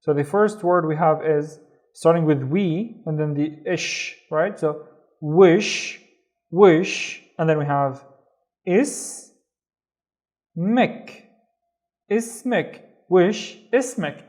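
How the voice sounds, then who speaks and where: A man teaching a beginners' reading lesson, patient, slowly repeating each syllable. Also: a little high, darkish tone. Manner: patient, slow repetition of syllables. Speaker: Arabic teacher.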